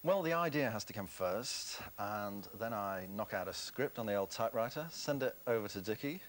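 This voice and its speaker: A man's voice: lowish voice, animated, moderate pace. A man who writes comics, answering interview questions with dry, joking humour. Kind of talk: casual TV interview.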